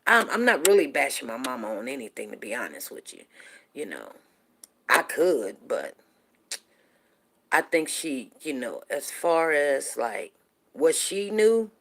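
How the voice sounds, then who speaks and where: A woman with a low voice tells a story from her own life in a loose, chatty way. She is middle-aged and animated, doubles up her words, and keeps checking in with her listeners. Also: unhurried, gravelly, long pauses. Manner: animated, repeats words, asks listeners "you know what I'm saying". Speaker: show host telling a personal story. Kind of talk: casual storytelling to viewers.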